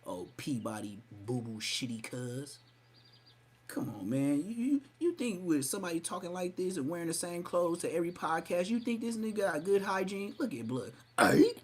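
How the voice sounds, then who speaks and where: A man's voice: high voice, animated, moderate pace, slight background noise. A man hosting a live podcast stream, mocking and roasting someone in a profane, rowdy way. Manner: mocking, profane, loud outbursts. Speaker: podcast host.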